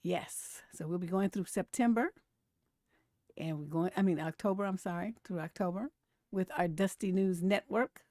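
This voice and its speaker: A woman's voice: lowish voice, moderate pace, no echo, clean studio sound. A woman over forty hosting a live stream, chatting casually about memes and posts and laughing often. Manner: chatty and animated, laughs often, reads comments aloud. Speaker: relationship coach and live-stream host.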